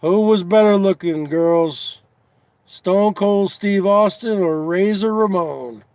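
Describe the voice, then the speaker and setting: A man hosting a casual comedy show, asking his audience teasing questions over and over in a drawn-out way. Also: sits high, a little mellow, dry recording. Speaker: host.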